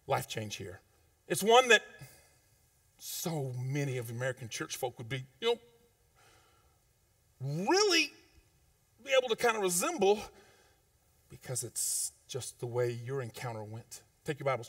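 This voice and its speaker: Animated preaching pastor, man. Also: normal speed, pauses often, no echo, studio quality, far from the mic. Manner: preaches in a conversational, informal way with slang; swings between loud emphatic peaks and low quiet asides. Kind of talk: sermon. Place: church sanctuary.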